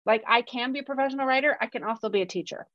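A woman's voice: on the high side, racing, fairly bright tone, no room sound. A woman co-hosting a podcast, talking candidly and reflectively about her working life as a screenwriter. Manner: earnest, self-reflective, openly emotional at times. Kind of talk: candid casual chat. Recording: dry, dull lo-fi audio.

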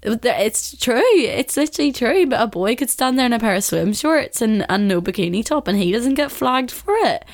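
A woman's voice: fairly high pitch, lively intonation, moderate pace, hardly any pauses, dry recording, clean studio sound. A woman hosting a casual solo podcast, talking with a blocked-up nasal voice, chatty and blunt, saying "like" a lot and swearing freely. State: blocked-up nose. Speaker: podcast host.

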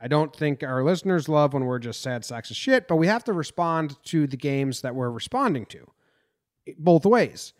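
A man's voice: on the high side, expressive, normal speed. Rambling frustrated man hosting a podcast. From New Jersey. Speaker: podcast host. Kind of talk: casual sports podcast chat.

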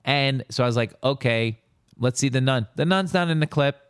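A man's voice: medium pitch, normal speed, clear, resonant tone, dry recording, clean studio sound. A man co-hosting a casual talk show, telling a behind-the-scenes story and acting out what people said. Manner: animated storyteller, quoting others in raised voice.

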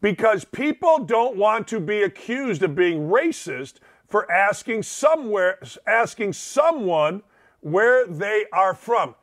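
High-voiced joking middle-aged talk host. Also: male voice, slow. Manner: animated, joking, acts out quoted voices. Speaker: radio talk show host. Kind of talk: casual radio monologue.

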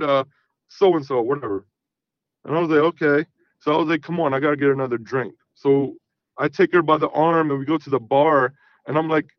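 Calling in to a talk show, a man in his thirties briskly spins a profane, casual story, acting out the quoted dialogue with animation. His fairly high voice comes through muffled, with no echo.

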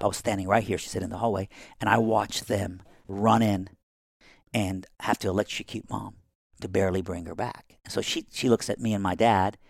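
A low-pitched, gravelly man spins a family story as a podcast guest and acts out each person in it. He is middle-aged and from Iran. The sound is close and dry, with no room sound. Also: no room sound. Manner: animated, acting out quoted family members.

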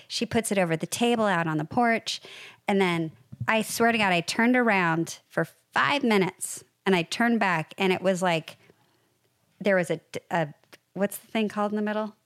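A woman in casual chat, telling stories in an animated, rambling way. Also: medium pitch, moderate pace, no room sound, clean studio sound.

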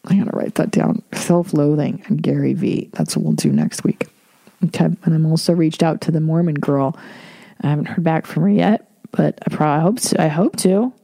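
A woman's voice: low voice, brisk, gravelly, warm tone, no echo, studio quality. A middle-aged woman hosting a solo podcast, talking in a rambling, blunt, profane, casual way. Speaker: podcast host.

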